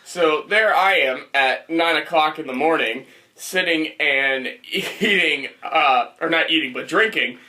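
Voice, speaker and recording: A man's voice: on the high side, unhurried, bright, forceful tone. A young man casually telling a rambling story on a podcast, laughing as he goes. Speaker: podcast co-host.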